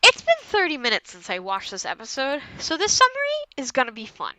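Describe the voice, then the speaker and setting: A woman's voice: sits high, wildly swooping pitch, brisk, bright, forceful tone, no echo, rough recording. A young woman co-hosting a podcast, casually recapping an episode in a rambling way, a little tipsy. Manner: rambling, trails off into mumbles. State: slightly tipsy. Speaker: podcast co-host.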